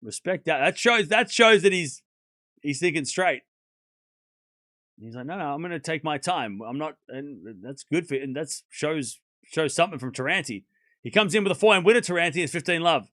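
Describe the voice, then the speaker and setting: A man streaming live play-by-play commentary of a tennis match, calling each shot and reacting loudly to big points. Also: on the high side, normal speed, dry recording, clean studio sound. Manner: excitable, animated, calls each shot. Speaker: watchalong commentator.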